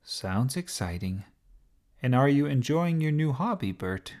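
A man's voice: mid-range voice, big pitch swings, measured pace, darkish tone, pitched above the performer's own voice. A man voicing a friendly mother in a children's story, asking interested questions. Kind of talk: storybook character voice.

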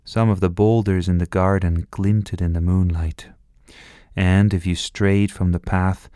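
Deep male storyteller, very slow, dry close sound. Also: fairly even intonation, dark tone, no room sound. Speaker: narrator. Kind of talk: children's story reading.

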